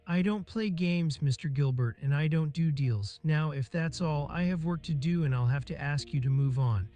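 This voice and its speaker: A man's voice: a little high, moderate pace, warm tone, muffled recording, lightly acted. A man voicing a cool, disdainful female detective inspector with clipped, impatient speech.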